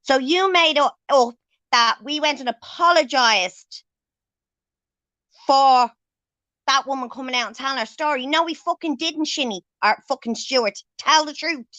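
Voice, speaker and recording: A high-voiced woman tears into someone on her livestream, cursing constantly and hammering her points home. Her voice is bright and sharp. The sound is close and dry, with no room around it. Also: unhurried, no room sound. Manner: angry, swears heavily, confrontational. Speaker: livestream host. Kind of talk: angry livestream rant.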